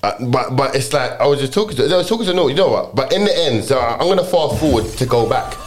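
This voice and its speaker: A man's voice: medium pitch, lively intonation, fast. A young man with a London accent, telling a rambling story in casual chat, full of slang and restarts.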